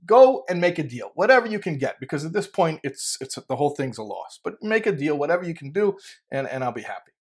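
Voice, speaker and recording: A man's voice: fairly high pitch, big pitch swings, fast, breathy edge, exaggerated voice. A man voicing a shrewd older merchant, a father-in-law, in a told parable, stammering and repeating his words. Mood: weary, resigned.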